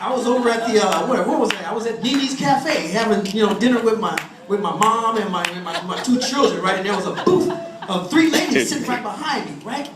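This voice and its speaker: A man's voice: high-pitched, expressive, fairly quick, background noise. A man doing a stand-up comedy set, telling jokes in a rambling way with lots of restarts, and chatting with the audience. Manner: rambling storytelling with restarts and laughs. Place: comedy venue with live audience. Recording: echoey room recorded from far off.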